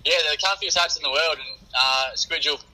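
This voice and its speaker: A man's voice: a little high, a little fast, sharp tone, rough recording. A man, a phone-in guest, telling a rambling joke full of fillers in casual chat. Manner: rambling storyteller, many fillers.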